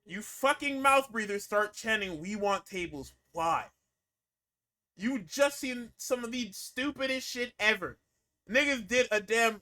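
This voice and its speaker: A man with a slightly high, bright and forceful voice talks through a wrestling recap. He is loose and profane, slips into quick impressions of the people he describes, and laughs a lot. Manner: animated, acts out quotes, laughs often. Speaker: podcast co-host recapping wrestling.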